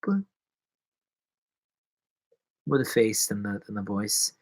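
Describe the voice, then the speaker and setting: A man's voice: lowish voice, sing-song, slow, a little mellow, no room sound. A man live-streaming from his apartment, chatting in a rambling, jokey, self-mocking way. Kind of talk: casual live-stream chat. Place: apartment in New York.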